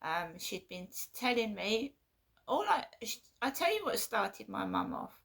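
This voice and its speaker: A woman vlogging in a casual monologue, halting and repeating herself with an aggrieved tone. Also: medium pitch, big pitch swings, gravelly, fairly bright tone.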